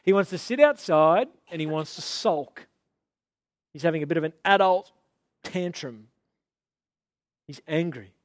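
A man preaching a sermon, animated and swinging into indignant outbursts. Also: fairly high pitch, unhurried, pauses often, dry recording, studio quality. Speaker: pastor.

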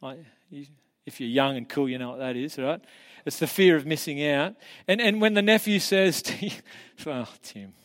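A man's voice: fairly high pitch, moderate pace, hardly any pauses, fairly bright tone. A man giving a casual, earnest teaching talk, encouraging his listeners in a conversational way. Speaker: preacher.

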